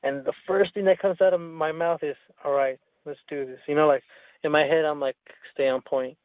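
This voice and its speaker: A man's voice: on the high side, steady tone, moderate pace, slight background noise. A man telling a rambling story in casual chat, with lots of profanity and restarts. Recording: tinny phone-line sound.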